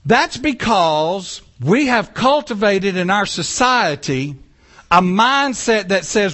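A man preaching a sermon in an animated, joking way, acting out little quoted lines. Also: high-pitched, slow pace. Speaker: pastor.

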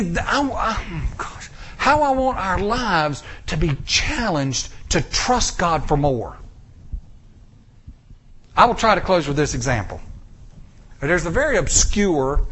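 A man with a Southern US accent preaching a sermon in an animated, folksy storytelling style. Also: fairly high pitch, measured pace, long pauses, husky.

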